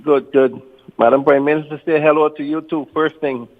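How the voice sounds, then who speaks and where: A man's voice: a little high, fairly even intonation, normal speed. A man, a police officer, calling into a live show with friendly, laughing banter. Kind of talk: phone call-in chat. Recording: tinny phone line with reverb.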